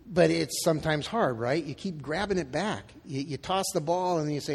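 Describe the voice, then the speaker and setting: A man's voice: on the high side, normal speed, hardly any pauses, husky, in a large hall. A male pastor preaching a sermon in a casual, conversational way, acting out the quoted lines. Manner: conversational, acts out quotes in dialogue.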